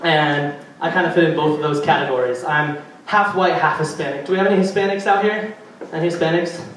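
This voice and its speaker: A man's voice: a little high, steady tone, brisk, fairly bright tone, slight background noise. A young man performing a stand-up routine at a live venue, chatty and rambling, teasing the audience. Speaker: stand-up comedian. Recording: echoey venue, far from mic.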